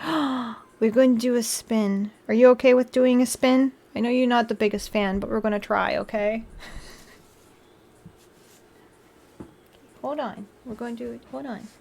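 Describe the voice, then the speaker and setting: A woman's voice: fairly high pitch, steady tone, slow pace, pauses often, darkish tone. A woman streamer chatting casually on a live stream, bubbly, often gasping and laughing as she thanks her viewers.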